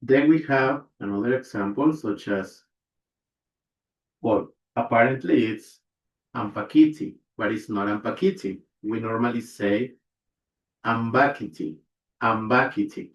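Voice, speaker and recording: Slow-spoken man teaching pronunciation. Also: mid-range voice. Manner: slow, repeats example words, checks in with listeners. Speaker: language teacher. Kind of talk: pronunciation lesson. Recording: echoey room, dull lo-fi sound.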